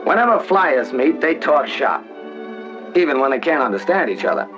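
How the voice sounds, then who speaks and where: A man's voice: a little high, sing-song, normal speed. Wry folksy 1940s film narrator, man. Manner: wry, folksy wisecracking delivery. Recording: dull 1940s film soundtrack with music.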